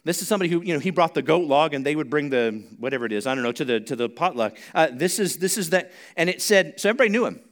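A male pastor preaching a sermon in church, chatty and joking at times, then rising to loud, emphatic preaching. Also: fairly high pitch, expressive, racing, hardly any pauses. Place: church sanctuary.

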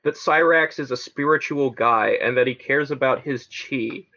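A man's voice: medium pitch, moderate pace. Man on a dull lo-fi recording. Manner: animated, repeats words when starting a thought. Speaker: podcast co-host. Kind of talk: casual chat.

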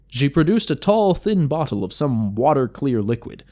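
A man's voice: mid-range voice, sing-song, normal speed, dark tone. Man narrating a fantasy story. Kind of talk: storybook narration of a tabletop campaign.

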